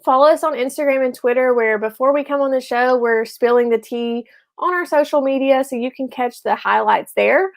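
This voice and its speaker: A woman co-hosts a relaxed live show in a slightly high voice. She chats easily with frequent ums and quick laughs. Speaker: co-host. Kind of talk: casual live-show chat.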